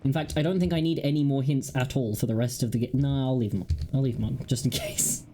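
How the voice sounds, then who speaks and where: A woman's voice: very deep voice, fast talker, dark tone, a little hiss or hum. A woman hosting a gaming video, chatting casually and giggling with wry asides as she plays. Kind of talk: casual let's-play commentary.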